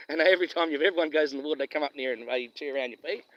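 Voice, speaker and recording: A man's voice: fairly high pitch, fast talker, dull audio. A man with a Western Australian accent chatting and telling stories on a live stream while fishing outdoors, rambling and chuckling as he goes. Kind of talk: casual live-stream chat.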